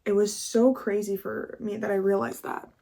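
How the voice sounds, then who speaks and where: A woman's voice: medium pitch, level tone, normal speed, gravelly, dark tone. A young woman talking candidly in a casual confessional vlog, chatty and full of swearing and laughter. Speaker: YouTuber.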